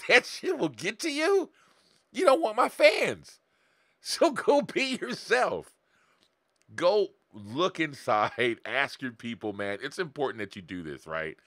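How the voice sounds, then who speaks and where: A man's voice: high-pitched, fairly bright tone, dry recording, studio quality. A man in his forties talking bluntly and profanely on a live stream, coaching his viewers and laughing often. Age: 40s. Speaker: online marketing coach. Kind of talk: live-streamed motivational talk.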